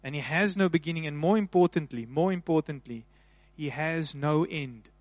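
Man preaching a sermon, high voice, repetitive emphatic delivery, slow stressed phrases. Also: no echo. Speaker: pastor.

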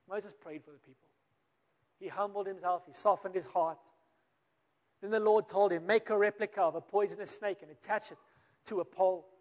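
High-voiced South African preacher in a hall. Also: male voice. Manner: storytelling with acted-out quotes, builds then drops to quiet. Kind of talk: sermon. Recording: long reverb of a large hall.

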